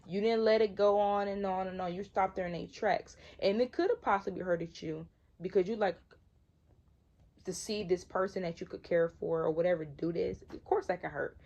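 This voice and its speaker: A tarot reader in her twenties from Michigan gives a casual, slangy reading, conversational and emphatic, repeating herself to drive points home. Her voice is lowish and a little mellow, fairly even in intonation and at a moderate pace. The recording is muffled.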